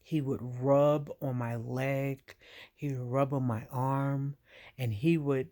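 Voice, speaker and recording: A woman's voice: rumbling low, fairly even intonation, takes it slowly, mellow. A woman and veteran speaking straight to the viewer, giving direct, emphatic advice in an earnest monologue. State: getting emotional.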